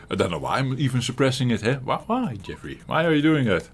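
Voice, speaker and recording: A man's voice: mid-range voice, big pitch swings, moderate pace, slight background noise. A man with a Dutch accent from the Netherlands, rambling chattily as he comments on a game he is playing. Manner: chatty and rambling, chuckling often, with frequent restarts. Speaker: retro gaming channel host. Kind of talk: casual gameplay commentary.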